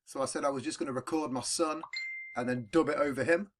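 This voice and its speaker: A man's voice: medium pitch, steady tone, fast talker, slight background noise. A man with a British accent hosting a podcast, chatting casually in a rambling way and swearing freely. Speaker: podcast host. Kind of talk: casual chat. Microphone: podcast recording.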